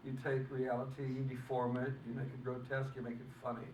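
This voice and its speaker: An older film director in a press interview, talking haltingly and restarting often as he searches for words. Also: mid-range voice, completely flat delivery, darkish tone. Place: convention room. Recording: echoey room, mic far off, faint noise.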